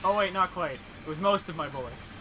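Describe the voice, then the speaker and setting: A young man co-hosting a let's play, excitable, with loud outbursts and frequent laughter. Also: high voice, fairly quick, soft background music. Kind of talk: casual gaming commentary.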